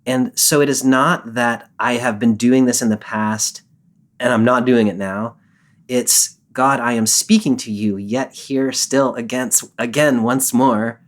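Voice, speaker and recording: A man co-hosting a podcast, explaining a psalm in a measured, patient way and quoting its verses. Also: medium pitch, steady tone. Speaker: podcast co-host and Bible scholar. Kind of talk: casual discussion.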